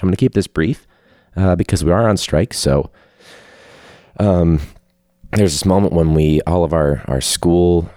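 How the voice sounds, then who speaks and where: A man with a very low, mellow voice talks through a rambling solo podcast, loose and candid, full of fillers and blunt asides. The sound is dry and close, with no room around him. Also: no room sound. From Chicago area. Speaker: podcast host, teacher. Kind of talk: casual solo podcast chat. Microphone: phone hooked up to a video call.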